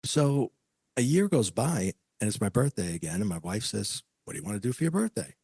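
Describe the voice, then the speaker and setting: A man's voice: fairly low pitch, sing-song, brisk, gravelly, a little mellow, breathy edge, no room sound. A man telling a personal story as a podcast guest, acting out the voices of the people he quotes.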